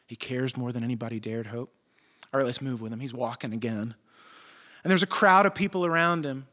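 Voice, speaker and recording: A man preaching a sermon, retelling stories in animated, casual, slang-filled speech. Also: mid-range voice, fairly quick. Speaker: pastor.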